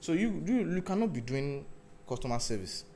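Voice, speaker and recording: A man giving a lively talk on stage. He acts out phone calls with sudden loud outbursts and keeps asking his listeners if they understand. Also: on the high side, normal speed, slight background noise. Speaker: speaker.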